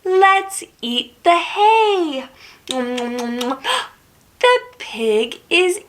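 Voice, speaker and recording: Young woman, toddler teacher: drawn-out and very slow, sing-song with big gasps and soft whispers. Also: sits high, lively intonation, a little hiss or hum. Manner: exaggerated gasps and cheerful praise; hushed whispers at bedtime.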